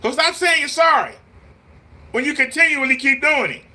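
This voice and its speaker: A man's voice: very high voice, lively intonation, moderate pace, pushed and bright. A man, talking casually on a live stream in a preachy, repetitive, scolding way. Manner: mimics voices in quotes. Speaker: vlogger.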